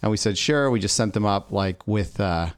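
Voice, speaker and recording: A man's voice: lowish voice, lively intonation, moderate pace, smooth, no room sound, studio quality. A middle-aged man from Canada co-hosting a podcast, chatting casually and telling a long story in a rambling way, acting out what others said. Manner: rambling storyteller, acts out quotes. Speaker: podcast co-host. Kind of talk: casual chat.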